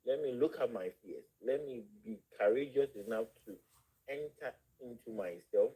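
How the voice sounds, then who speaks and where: A man with an African accent speaks as a guest in a spiritual discussion. His voice is mellow and slightly husky. He talks haltingly, restarting and repeating words as he feels his way toward each point. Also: medium pitch, lively intonation, poor audio. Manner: halting, repeats words while searching for phrasing. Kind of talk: spiritual discussion on a live show.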